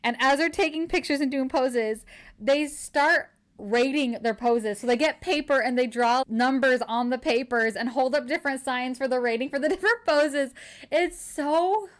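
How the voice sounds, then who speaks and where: A young woman podcast host excitedly retelling a romance novel's plot in casual chat. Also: high voice. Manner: excited, gushing retelling with quick quoted dialogue. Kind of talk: casual book recap chat.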